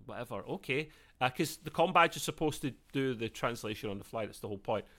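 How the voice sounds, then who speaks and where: A man, co-hosting a casual podcast review, chatty and quick to laugh. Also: mid-range voice, lively intonation, pushed and bright. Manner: chatty, laughs often, acts out quotes. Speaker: podcast co-host.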